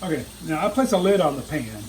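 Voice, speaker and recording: A man's voice: on the high side, very animated, fast, a little mellow, poor audio. An older man hosting a home cooking show, chatting enthusiastically to viewers as he demonstrates a recipe. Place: home kitchen, frying food. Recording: sizzling frying noise behind. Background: sizzling pan and kitchen sounds.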